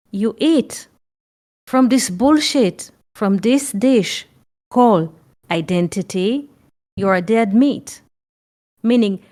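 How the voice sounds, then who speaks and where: Slow, emphatic woman teaching. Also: a little high, darkish tone. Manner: earnest, emphatic, repeats phrases, blunt swearing. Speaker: spiritual teacher. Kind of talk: spiritual teaching talk.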